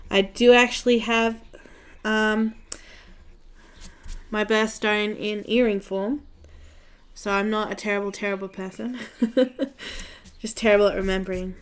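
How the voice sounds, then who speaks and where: A young Australian woman with a smooth, clean voice at a middle pitch chats casually during a live coloring stream. She talks like a chatty storyteller and laughs often as she goes. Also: steady tone, unhurried, pauses often. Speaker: coloring channel host.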